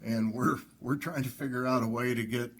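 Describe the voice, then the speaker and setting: A man's voice: medium pitch, fairly even intonation, moderate pace, fairly bright tone, slight background noise. Man with a Southern Illinois twang. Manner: humble, self-deprecating humor. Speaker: award honoree. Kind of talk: acceptance speech. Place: banquet hall.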